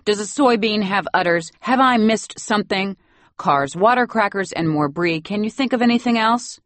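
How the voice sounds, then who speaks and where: A woman's voice: mid-range voice, moderate pace, no room sound, voice pushed up, close to an everyday voice. A woman voicing a haughty, sarcastic elderly upper-class grandmother with a Boston Brahmin accent in an audiobook. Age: over 60. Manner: imperious, acid, sarcastic. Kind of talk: audiobook character voice.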